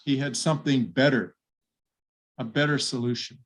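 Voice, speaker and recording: A man's voice: medium pitch, steady tone, normal speed. An older man preaching a sermon, retelling a Bible story vividly and voicing its people. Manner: vivid retelling with acted quotes.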